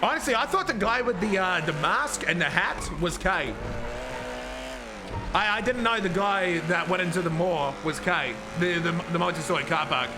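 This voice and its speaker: A man streaming a police role-play game, talking excitedly and rambling with swearing and frequent restarts. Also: high-pitched, moderate pace, background noise. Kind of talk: live-streamed gameplay commentary.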